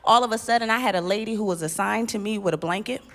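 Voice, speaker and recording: A woman performing a stand-up comedy set on a church stage, with punchy, animated delivery and sudden loud exclamations. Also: medium pitch, fast talker, slight background noise. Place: live stage at a church event.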